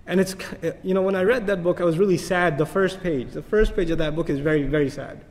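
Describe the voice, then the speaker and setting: A man giving an animated religious lecture as an Islamic teacher, telling stories and asking rhetorical questions. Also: sits high, fast talker. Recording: long hall reverb.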